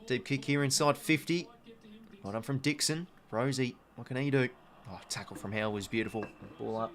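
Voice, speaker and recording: Young Aussie stream host, twenties, medium voice, relaxed rambling delivery, answers chat as he goes. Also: medium pitch, moderate pace. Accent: Australian. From Australia. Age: 20s. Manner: chatty, reads viewer comments, says "mate" often. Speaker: livestream host. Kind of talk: casual live watch-along chat.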